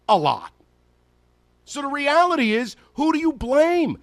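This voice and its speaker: A man's voice: very high voice, very animated, unhurried, fairly bright tone, no echo. A man hosting a sports radio show, ranting with emphatic sarcasm into a studio microphone. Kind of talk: sports talk radio rant.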